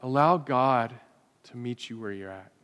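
A man preaching a sermon to his congregation, swinging from loud rhetorical questions to hushed, quiet lines. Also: medium pitch, measured pace, clean tone. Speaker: pastor. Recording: hall reverb.

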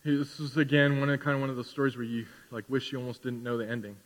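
A man's voice: medium pitch, flat delivery, quick pace. A man preaching a sermon as pastor, building to emphatic rising questions. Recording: reverberant hall.

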